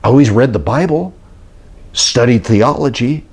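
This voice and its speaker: A man's voice: medium pitch, expressive, moderate pace, darkish tone, husky. An older man preaching and retelling a story, acting out the voices of those he quotes. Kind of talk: sermon-style teaching talk.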